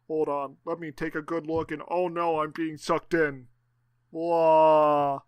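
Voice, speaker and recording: A man's voice: on the high side, level tone, slow, smooth, no room sound. A man putting on a campy Dracula vampire voice with a mock Eastern European accent. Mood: campy menace. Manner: over-the-top, campy.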